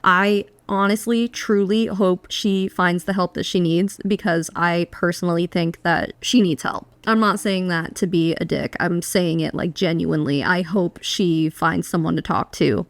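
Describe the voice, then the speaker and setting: A young woman giving blunt, sarcastic reaction commentary, swearing freely. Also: lowish voice. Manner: blunt, sarcastic, swears freely, mocks with put-on whiny voices. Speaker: commentary YouTuber.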